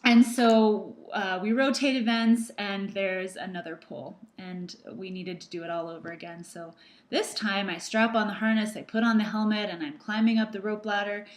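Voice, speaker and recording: A woman's voice: mid-range voice, normal speed. Earnest woman practitioner telling a story. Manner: earnest, storytelling with fillers and repeats. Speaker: emotional processing practitioner. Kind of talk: casual talk to camera.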